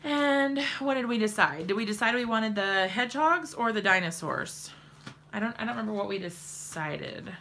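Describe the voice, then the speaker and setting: A chatty woman in her thirties hosts a crafting demo from her home desk, talking straight to her viewers. Her voice is bright and forward, with a gravelly fry at the ends of phrases, and she laughs often between steps. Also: medium pitch, lively intonation, normal speed, a little hiss or hum. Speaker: crafting livestream host. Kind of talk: casual crafting demo chat.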